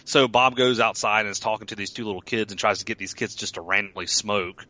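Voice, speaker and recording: Lower-voiced guy rambling thru an episode recap, um and uh everywhere, bright edgy tone, kinda lo-fi sound. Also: fast talker. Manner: rambling, loose, many fillers and restarts. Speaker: podcast co-host recapping a TV episode. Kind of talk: casual chat.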